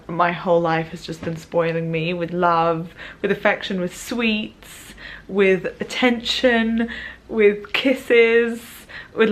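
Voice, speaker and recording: Young girl vlogging, rambly and excited, lowish voice. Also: slight background noise, poor audio. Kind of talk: casual vlog talk to camera.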